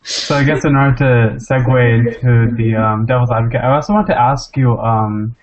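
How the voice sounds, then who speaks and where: A man's voice: medium pitch, steady tone, brisk. A man interviewing a guest, asking questions with hesitant starts and fillers. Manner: hesitant, many ums and restarts. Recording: dull lo-fi recording.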